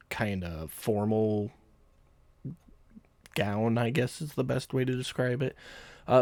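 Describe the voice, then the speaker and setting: A man narrating as game master in a relaxed, casual way, with filler words. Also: fairly low pitch, no room sound.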